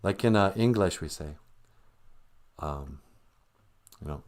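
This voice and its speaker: A man hosting a comedic livestream, chatting in a joking, animated way. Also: sits low, moderate pace, long pauses. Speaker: livestream host.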